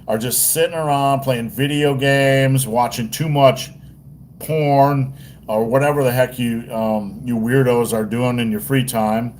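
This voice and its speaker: A man's voice: medium pitch, darkish tone, a little hiss or hum. Rambling, profane male livestream host. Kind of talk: casual livestream chat.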